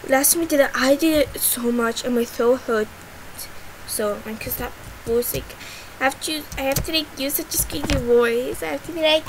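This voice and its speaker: Giggly, high-voiced woman gaming host. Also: moderate pace. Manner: giggly, rambling, with sudden excited squeals. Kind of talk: casual gameplay commentary. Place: bedroom. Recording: noisy, fireworks popping behind. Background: fireworks.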